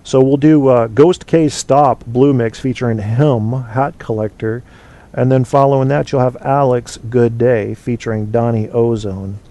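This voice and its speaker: A mellow, dark-voiced man rambles through his opinions as he hosts a casual call-in show. He fills the gaps with ums and restarts and keeps things loose and chatty. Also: medium pitch, fairly even intonation, a little slow. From United States. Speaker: podcast host.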